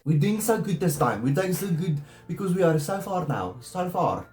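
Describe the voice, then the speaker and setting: A man's voice: sits high, very animated, normal speed, darkish tone, reverberant, soft background music. A man with a thick Afrikaans-tinged South African accent, playfully mangling words while reading a novel aloud for comedy.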